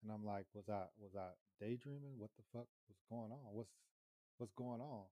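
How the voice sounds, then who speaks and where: A man casually telling a long story, lively, cursing, acting out his own lines. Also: fairly low pitch, normal speed, no echo. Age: adult with children. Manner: animated, swears, acts out his own lines.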